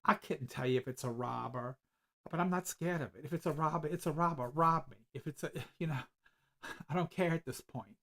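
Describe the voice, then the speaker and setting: A man, hosting a podcast as a psychic medium, telling stories in a loose, animated way with frequent laughs and repeated words. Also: fairly high pitch, fairly quick. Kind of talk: casual storytelling chat.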